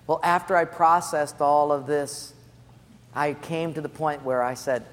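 A man's voice: fairly high pitch, normal speed, long reverb tail, slight background noise. A male pastor preaching a sermon, talking emphatically and directly instructing his congregation.

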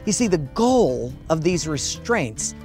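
A man's voice: a little high, big pitch swings, slow, a little mellow, soft background music. A man preaching a sermon as a pastor, telling folksy stories and laughing at his own jokes.

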